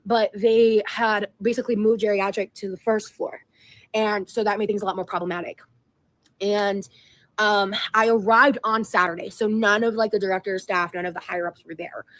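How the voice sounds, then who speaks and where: A woman's voice: mid-range voice, fairly bright tone, no echo. A woman telling a personal story in a casual, rambling way, with lots of fillers. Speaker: vlogger.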